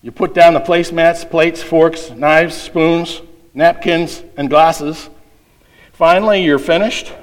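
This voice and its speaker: A man's voice: fairly high pitch, steady tone, slow pace, rough recording. A middle-aged man preaching a sermon, reading a children's quiz aloud with playful voices. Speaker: pastor.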